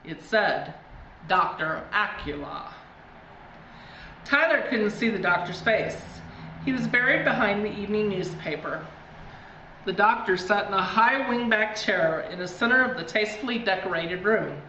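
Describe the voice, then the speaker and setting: A woman reading a spooky children's storybook aloud in a deliberate, dramatic way. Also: mid-range voice, expressive, bright, forceful tone. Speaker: reader. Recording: distant, echoey, dull, faint hiss.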